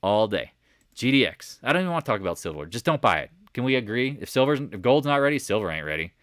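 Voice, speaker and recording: A man hosting a live market chat, walking viewers through charts with animated asides and rhetorical questions to the chat. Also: mid-range voice, fast talker, no echo, clean studio sound. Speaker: market commentary host. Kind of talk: live stock chart commentary.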